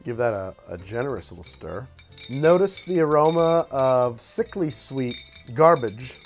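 A man hosting a comedic bartending show, talking in an animated, wry and profane way while he mixes and tastes drinks. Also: mid-range voice, unhurried, faint music behind. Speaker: cocktail show host.

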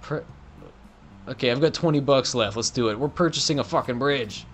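A man's voice: medium pitch, brisk, slight background noise. A young man doing profane, joking let's play commentary on a game. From Canada. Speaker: gaming commentator.

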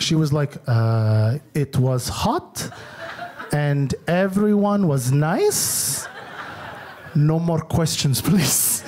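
A young man from Eritrea, doing animated, punchy stand-up comedy. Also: very high voice.

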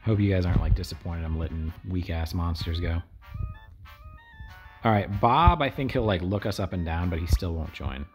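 A gameplay streamer with a low voice chats at a moderate pace over soft background music. He offers loose, rambling let's play commentary as he plays, with wry asides to the people watching.

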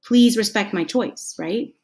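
A woman's voice: mid-range voice, unhurried, a little mellow. A woman teaching a lesson to children in a patient, friendly way, acting out the example sentences. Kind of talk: classroom lesson talk.

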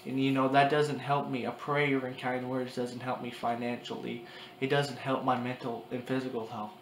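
A young man in his early twenties talking to his camera in a confessional vlog, crying, halting and repeating himself. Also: medium pitch, flat delivery. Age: 20s. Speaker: vlogger. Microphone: camera mic. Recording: echoey room with faint background noise.

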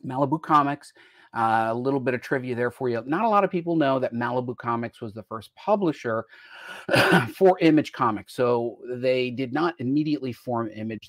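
A man's voice: mid-range voice, no room sound, studio quality. An American man hosting a casual live-stream chat, talking in a rambling way and jumping between topics mid-sentence. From United States. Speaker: host.

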